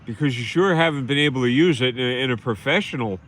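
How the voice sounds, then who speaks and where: A man's voice: mid-range voice, quick pace, fairly bright tone. A man hosting a livestream, ranting bitterly and scornfully and repeating himself in a rambling monologue. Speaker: livestream host.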